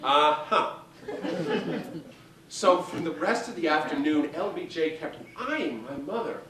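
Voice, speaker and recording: A man performing a one-man show, telling gossipy stories on a live theater stage in a lively, theatrical manner. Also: fairly high pitch, a little slow, noisy background. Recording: echoey theater from far off.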